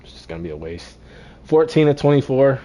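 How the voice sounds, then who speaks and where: A man casually commentating his own football video game run, talking to himself, repeating lines and swinging between deflated and excited. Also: medium pitch, brisk. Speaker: gaming streamer.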